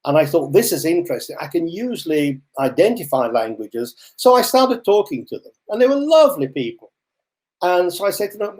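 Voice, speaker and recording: An older man presenting a webinar for learners, telling stories with lively, animated asides over a computer microphone. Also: a little high, normal speed.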